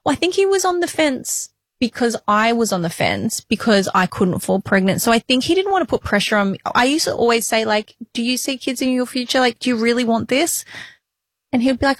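A woman's voice: fairly high pitch, lively intonation, brisk, dry recording, clean studio sound. Candid woman in her late thirties. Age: 30s. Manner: candid, emotional, laughs often. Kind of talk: casual chat.

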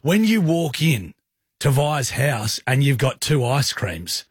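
A man's voice: medium pitch, big pitch swings, slow, breathy edge, dry recording, studio quality. An Australian man co-hosting a radio show, teasing his co-host and joking. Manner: teasing joker. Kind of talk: casual radio banter. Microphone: studio microphone.

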